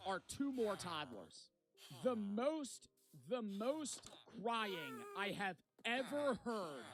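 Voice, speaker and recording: A young man telling a rowdy travel story in casual, profane storytime style. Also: high voice. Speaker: vlogger. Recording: noticeable background noise.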